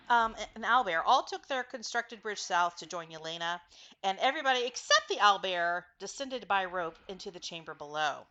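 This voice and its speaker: Bright, lively woman game master. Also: medium pitch, muffled recording. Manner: recaps with frequent fillers and self-corrections. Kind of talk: narrating a tabletop game.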